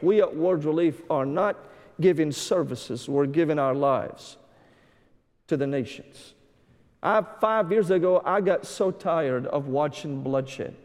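A fervent male pastor from Syria delivering a sermon in a fairly high voice. He swings between rousing calls and hushed, tearful intensity. His voice rings out with a long reverb, as in a church hall. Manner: impassioned preaching, dropping to hushed intensity.

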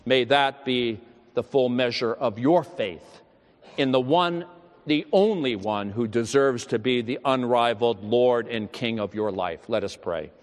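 A man's voice: mid-range voice, unhurried. A pastor, a man, preaching a sermon with solemn storytelling and prayer in a church hall. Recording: long hall reverb.

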